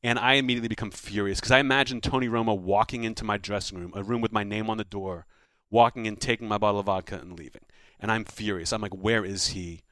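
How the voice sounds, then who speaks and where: A man's voice: fairly low pitch, fast, hardly any pauses, dry recording. A man who is a comedian guest, telling a story in casual chat and acting out the quotes. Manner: animated anecdote teller, acts out quotes.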